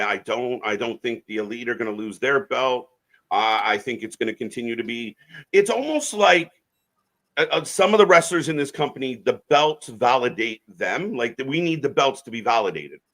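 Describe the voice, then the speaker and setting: A man's voice: medium pitch, animated, moderate pace, a bit bright. A man co-hosting a live wrestling watch-along stream, giving opinionated, rambling takes with frequent restarts.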